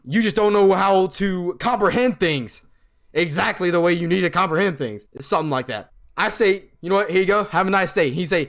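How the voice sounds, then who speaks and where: A man's voice: sits high, fairly quick, a bit bright. A young man telling a story about his job in a casual, profane, exasperated way, acting out the lines of the people he quotes. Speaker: vlogger.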